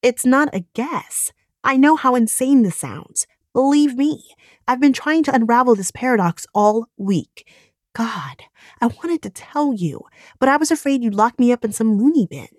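A woman's voice: a little high, expressive, normal speed, no room sound, clean studio sound, pitched above the performer's own voice, lightly acted. Woman voicing an earnest pleading young woman. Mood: urgent.

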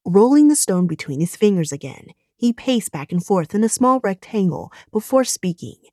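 A woman's voice: mid-range voice, big pitch swings, moderate pace, mellow, no echo. Woman narrating an audiobook, dry sound.

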